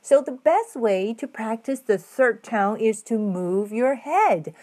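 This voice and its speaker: A woman teaching a Mandarin lesson, modeling each tone with exaggerated pitch swoops. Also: sing-song, unhurried, few pauses, darkish tone. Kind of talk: slow, patient language lesson.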